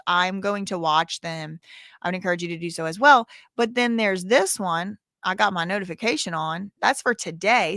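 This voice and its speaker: A woman's voice: mid-range voice, pushed and bright, no room sound, clean studio sound. A woman hosting a livestream, answering chat questions in a sassy, blunt, casual way. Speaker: livestream host.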